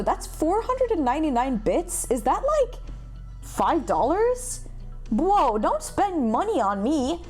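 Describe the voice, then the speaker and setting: A young woman streamer chatting casually with her viewers, with a self-deprecating, animated manner. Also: sits high. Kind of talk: casual livestream chat.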